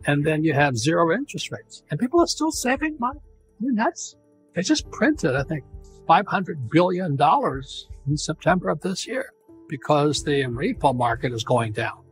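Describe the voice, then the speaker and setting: An American man in his seventies speaks as an interview guest in a somewhat high voice. He rants emphatically, repeating phrases and restarting sentences. Soft music plays faintly behind him. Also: big pitch swings, moderate pace. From United States. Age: 70s. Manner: emphatic, repetitive ranting with restarts.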